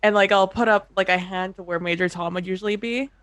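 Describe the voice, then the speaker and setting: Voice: mid-range voice, fairly even intonation, fast talker, a bit bright, dry recording. A tabletop role-playing player in casual chat, bubbly and laughing while describing their character's actions.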